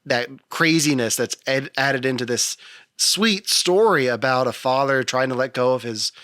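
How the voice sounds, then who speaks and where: A podcast co-host in relaxed conversation, who keeps things moving by putting questions to the others. His voice is bright and forward, recorded close and dry with little room sound. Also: medium pitch, normal speed, no room sound. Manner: steers the talk with questions. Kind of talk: casual chat.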